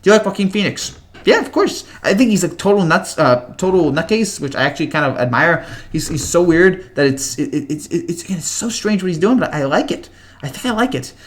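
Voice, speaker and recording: Fast-talking young man rambling on a livestream. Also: fairly high pitch, lively intonation. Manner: rambling, stammering restarts, many fillers. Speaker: livestream host. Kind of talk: casual live chat reading viewer comments.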